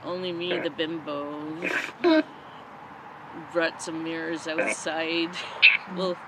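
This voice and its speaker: Woman, paranormal vlog host, jittery and unhurried, questioning spirits in the woods by a busy road. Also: low-pitched, flat delivery. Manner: nervous, talks to spirits in short questions. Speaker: paranormal investigator. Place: outdoors in a forest near a road at night. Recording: outdoor traffic noise. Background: passing traffic.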